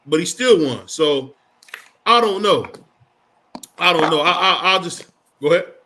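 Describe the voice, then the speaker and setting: A man's voice: sits high, expressive, unhurried, pushed and bright, slight background noise. A man co-hosting a casual boxing chat stream, laughing often and reading viewer comments aloud. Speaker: co-host.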